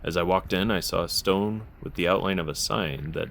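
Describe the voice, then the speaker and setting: A young man narrating a history vlog in a dry, deadpan style. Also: deep voice, normal speed, gravelly, a little hiss or hum. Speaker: history vlogger.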